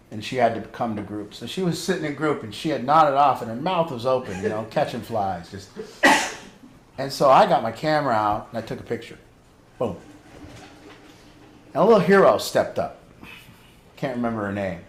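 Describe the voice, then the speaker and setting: A man's voice: mid-range voice, roomy sound, slight background noise. A man leading a family group as an addiction counselor, frank and conversational, asking pointed questions.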